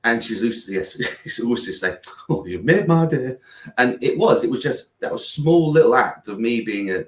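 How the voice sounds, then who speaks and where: A man's voice: medium pitch, expressive, brisk, a little hiss or hum. A middle-aged man, a guest founder, talking in a rambling, earnest way full of fillers and restarts. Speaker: guest, founder of a kindness platform. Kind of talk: casual conversation. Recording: roomy, distant mic.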